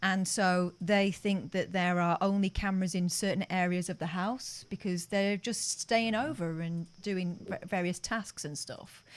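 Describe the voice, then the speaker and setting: A woman co-hosting a live radio show, chatting casually and laughing easily. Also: lowish voice. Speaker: radio co-host.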